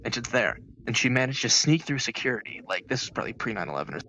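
Bright-voiced man rambling through a joke. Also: medium pitch, sing-song, rapid-fire, a little hiss or hum, rough recording. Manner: rambling, with many restarts and filler words. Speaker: voice chat participant telling a joke. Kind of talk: casual joke telling. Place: online voice chat in a VR game.

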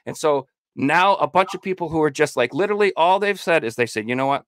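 A man's voice: on the high side, animated, brisk, a bit bright, no echo. A man ranting emphatically and with plenty of swearing in a casual podcast chat. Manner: emphatic, profane, heated ranting. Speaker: podcast co-host.

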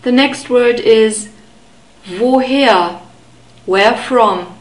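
Slow, patient woman teaching pronunciation. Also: on the high side, echoey room, poor audio. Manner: patient, repeats words slowly and clearly. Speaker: German language teacher. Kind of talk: slow, careful pronunciation lesson.

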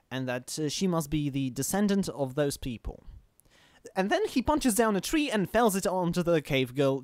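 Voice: medium pitch, a little mellow, no echo. A podcast host summarizing a comic chapter in casual, hesitant talk full of fillers.

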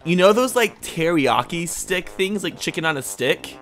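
A man's voice: sits high, lively intonation, normal speed, fairly bright tone, faint music behind. A young man in casual gameplay banter, joking and rambling with crude humor from his bedroom. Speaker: gaming YouTuber.

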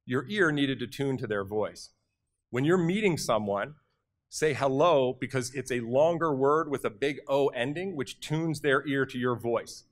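In a conference hall, a Canadian man delivers a motivational talk with energy and directness. His middle-pitched voice is expressive, and he frequently throws quick questions out to the crowd.

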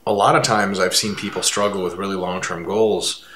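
A man co-hosting a casual fitness talk, speaking emphatically and building his voice up high when he makes a point. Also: moderate pace. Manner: animated, emphatic, swings to rising pitch when making a point. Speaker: fitness coach and co-host. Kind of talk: casual conversation. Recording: roomy echo.

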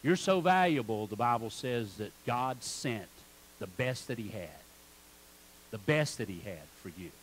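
A man's voice: fairly low pitch, measured pace, fairly bright tone, a little hiss or hum, poor audio. A man preaching a sermon in church as pastor, calling on the congregation to repeat words back. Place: church sanctuary.

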